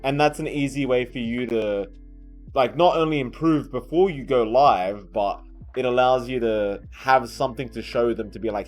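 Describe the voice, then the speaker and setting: A man's voice: medium pitch, moderate pace, faint music behind. A man co-hosting a podcast as an esports caster, in casual, rambling chat with a lot of restarts and some swearing, sounding tired. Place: hotel conference room.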